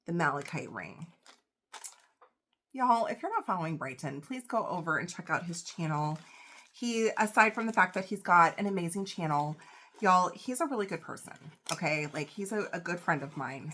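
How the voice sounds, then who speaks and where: A woman, getting over a cold, unboxing jewelry in a casual vlog, gushing and emotional with gasps and soft whispers. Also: fairly low pitch, slight background noise. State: recovering from a cold. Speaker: reseller vlogger.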